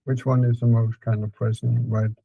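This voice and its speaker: Calm man guiding a therapy session. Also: mid-range voice, moderate pace, gravelly, husky, no echo, lo-fi sound. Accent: Danish. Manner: calm, repetitive prompting with fillers.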